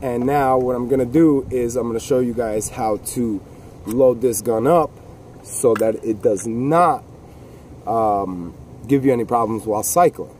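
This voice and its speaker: A man's voice: medium pitch, a little slow, a little mellow, slight background noise. A man casually talking through a handgun demonstration outdoors in the cold, rambling with folksy jokes and asides. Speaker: gun video host.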